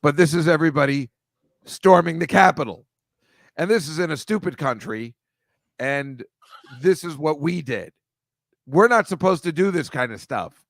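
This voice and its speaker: A man's voice: a little high, lively intonation, moderate pace, gravelly, long pauses, no echo, clean studio sound. Rambling, wry man on a video call. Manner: rambling, wry, mocking, swears freely. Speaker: host. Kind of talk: casual chat over shared slides.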